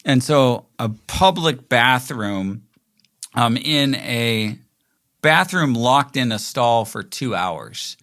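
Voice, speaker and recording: A man in his forties talks through a casual, reflective solo monologue, leaning on "like" as he wanders between thoughts. His voice sits at an ordinary pitch but carries a bright, forward edge. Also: animated, slow pace. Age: 40s. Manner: rambling, frequent "like" fillers, mimics quoted voices. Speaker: podcast host.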